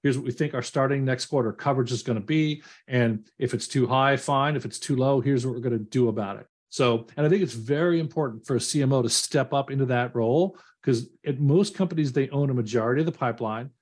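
Guy cohosting a business podcast, average pitch, dry jokes, explains stuff. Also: quick pace, hardly any pauses, a little mellow, husky. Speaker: podcast co-host.

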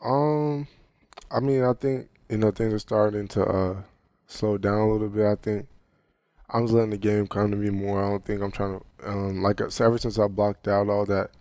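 A young man, a college basketball player, answering interview questions casually and softly, filling his sentences with "you know". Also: lowish voice, fairly even intonation, normal speed, no echo. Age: young adult. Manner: soft-spoken, heavy on "you know" fillers.

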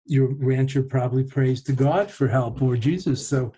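Man, warm mellow tone, reflective chat, unhurried, pauses and restarts. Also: medium pitch, husky. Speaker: podcast host and meditation teacher. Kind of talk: reflective conversational talk.

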